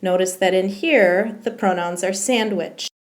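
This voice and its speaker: A woman's voice: mid-range voice, measured pace. Woman walking through a grammar lesson. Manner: explains step by step, with frequent ums. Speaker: Spanish teacher. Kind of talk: recorded slideshow grammar lesson.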